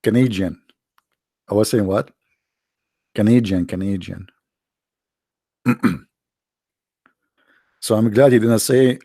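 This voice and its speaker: Man, Arabic accent, mocking commentary host, gravelly voice, dry close mic. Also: on the low side, slow, pauses often, warm tone, dry recording. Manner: sarcastic, mocking, rambling asides. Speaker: channel host. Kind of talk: mocking religious commentary stream.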